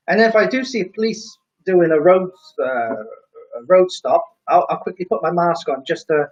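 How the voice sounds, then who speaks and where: A man's voice: sits high, lo-fi sound. A man hosting a casual live stream, reading viewer comments aloud and joking about them with a chuckle.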